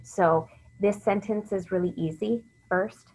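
A woman teacher walking young writers slowly through a literacy lesson, step by step, sometimes whispering the example sentences. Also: medium pitch, darkish tone, low-quality recording.

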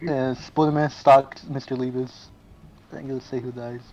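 A man's voice: medium pitch, flat delivery, moderate pace, darkish tone, dull audio. A young man reading out game events to friends, laughing and swearing in surprise. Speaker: gaming video host.

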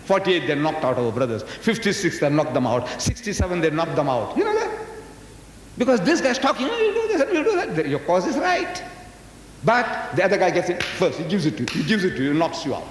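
A man's voice: very animated, a little fast. A man in his seventies giving a public lecture, telling a story with emphatic rhetorical questions. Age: 70s. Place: large lecture hall. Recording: echoey hall recording, faint rumble.

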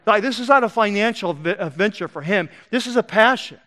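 A man preaching a sermon in a church, swinging between loud emphatic bursts and low, soft passages. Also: lively intonation, fairly quick. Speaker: pastor. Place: church sanctuary.

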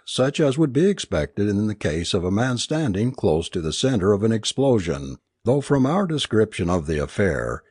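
A man narrating an audiobook with an expressive, varied storytelling delivery. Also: on the low side, slightly rough, no echo, studio quality.

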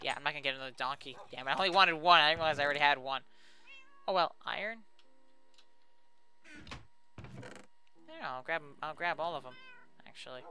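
A man's voice: a little high, fairly quick, pauses often, bright, forceful tone, slight background noise. A man hosting a casual let's play, chatting to viewers and poking fun at himself. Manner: chatty and self-mocking, talks to viewers.

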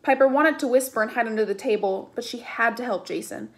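A woman reading a novel aloud in steady narration, with occasional casual asides. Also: on the high side, a little fast. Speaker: reader.

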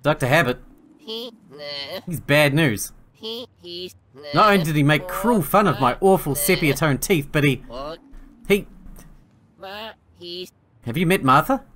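A man's voice: fairly high pitch, animated, takes it slowly, long pauses, fairly bright tone. A man reading aloud a game's sulky young male ex-assistant who whines about his bad teeth, in a plain voice with a self-pitying ramble. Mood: sulky, gossipy. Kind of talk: reading game dialogue aloud.

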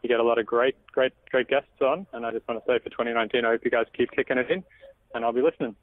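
An Australian man talks quickly and easily, the way a listener calling in to a podcast would. His voice comes through a thin, tinny phone line that sounds very dry. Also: medium pitch, fairly even intonation, no echo. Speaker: caller. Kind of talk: casual chat.

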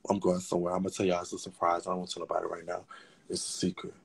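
A man hosting a casual gossip livestream, talking in a sassy, chatty, profane way with a raspy voice. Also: low-pitched, monotone, very fast. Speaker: livestream host.

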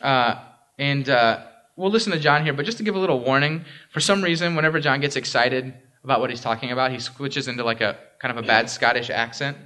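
A man's voice: medium pitch, brisk, sharp tone. Casual, chatty male pastor. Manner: casual and interactive, frequent "right?" and "um". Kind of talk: conversational sermon with audience questions. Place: church sanctuary.

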